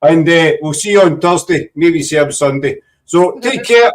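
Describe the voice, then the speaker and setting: A Scottish man hosts a loose video-call chat, cracking jokes and teasing his guests. His voice sits on the higher side and sounds a little distant from the microphone. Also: lively intonation, moderate pace. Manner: jokey, teasing, rambling. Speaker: host. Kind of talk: casual chat.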